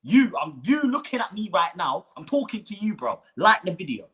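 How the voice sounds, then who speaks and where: A man's voice: high-pitched, sing-song, normal speed, sharp tone. A man hosting a live football fan reaction, ranting heatedly with profanity and street slang. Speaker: football fan channel host. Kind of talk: livestream match reaction rant.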